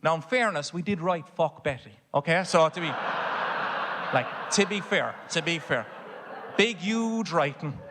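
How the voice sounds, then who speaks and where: A man with an Irish accent performing stand-up comedy on a theatre stage, telling a story full of swearing that builds to shouting. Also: a little high, lively intonation, measured pace. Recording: live hall reverb, faint audience noise.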